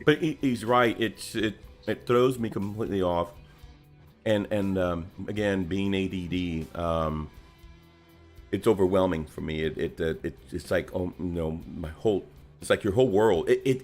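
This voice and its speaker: A man with a fairly low voice talks in a loose, rambling way, stumbling over restarts and fillers as he chats on a livestream. Faint music plays underneath. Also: moderate pace, darkish tone. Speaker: co-host. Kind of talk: casual livestream chat.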